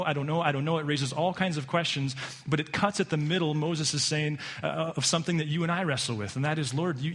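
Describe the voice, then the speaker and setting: A man's voice: fairly high pitch, a bit bright. Casual joking male pastor preaching. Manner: casual and joking, with many restarts and "like". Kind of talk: conversational sermon. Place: church sanctuary.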